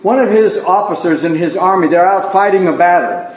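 A man with a fairly high voice teaches a Bible lesson, talking to his congregation in a relaxed, folksy way and poking fun at himself. The room around him is echoey. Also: a little fast. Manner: folksy, self-deprecating, with plain asides to the congregation. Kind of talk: conversational sermon.

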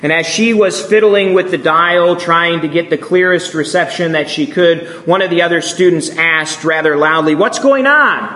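A man in his thirties telling a story in a sermon, speaking in a slow, measured, hushed way with long pauses. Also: fairly high pitch, steady tone. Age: 30s. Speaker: speaker addressing a congregation.

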